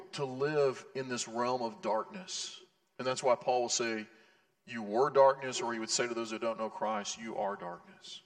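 A man preaching a sermon with a gravelly edge to his middle-pitched voice. He talks earnestly and conversationally and drops in casual asides. The sound carries the long reverb of a church hall. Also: a bit bright. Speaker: pastor.

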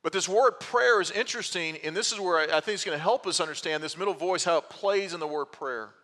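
Bright-voiced preacher man in an echoing hall. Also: sits high. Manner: teaching, explains slowly with restarts and rhetorical questions. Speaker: pastor. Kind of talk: expository sermon.

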